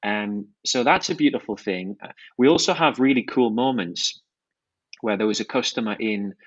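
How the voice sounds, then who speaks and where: A man's voice: lowish voice, normal speed, dry recording. Enthusiastic man, slightly dull sound. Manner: enthusiastic, fluent product talk with restarts. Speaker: watch brand founder, guest. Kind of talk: podcast interview.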